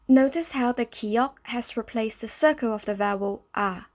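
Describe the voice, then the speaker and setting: A woman narrating a scripted language lesson, explaining step by step in a slow, clear way. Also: a little high. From Malaysia. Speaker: language teacher.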